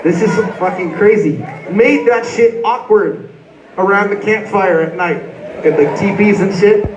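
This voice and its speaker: A man with a fairly high voice tells a rambling, profanity-laced joke story from a concert stage. The sound is booming and roomy, picked up from far back in the venue. Crowd noise hums underneath him. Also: a little slow, highs cut off. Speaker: rock band frontman. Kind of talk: onstage banter at a concert. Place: large concert hall stage. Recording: echoey, distant audience recording.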